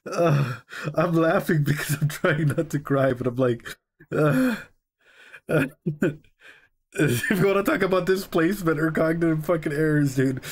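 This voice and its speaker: A man's voice: on the high side, normal speed, breathy edge. A young man, a psychologist, reacting live to an anime, swearing freely and laughing to hold back tears. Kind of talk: emotional live reaction commentary.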